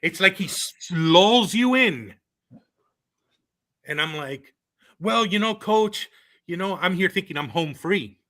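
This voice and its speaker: A former college baseball player in his thirties, appearing as a guest on a sports podcast, casually tells stories from his playing days. His fairly high voice is bright and forceful, paced in a measured way with frequent pauses. He's loose and animated, leaning on fillers and breaking into laughter.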